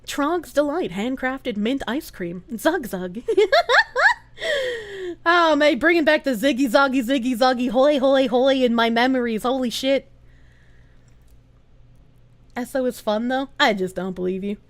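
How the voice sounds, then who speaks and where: A woman streamer chatting casually and reading viewer comments aloud, giggly and animated, swearing freely. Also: high-pitched, measured pace, pauses often. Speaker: live streamer.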